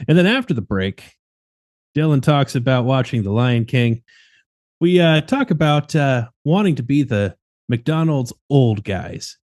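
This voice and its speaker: A man's voice: mid-range voice, a little mellow, no room sound, clean studio sound. A man co-hosting a podcast, introducing the episode in a laid-back, casual way. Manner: laid-back, with fillers and light laughs. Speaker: podcast co-host.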